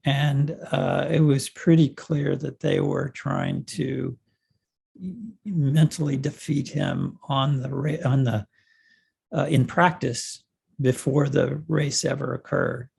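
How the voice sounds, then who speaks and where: Older male storyteller, heavy gravel and husk, unhurried and filler-laden interview answers. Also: medium pitch, level tone, a little mellow. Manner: measured storytelling with many fillers. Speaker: former cycling coach.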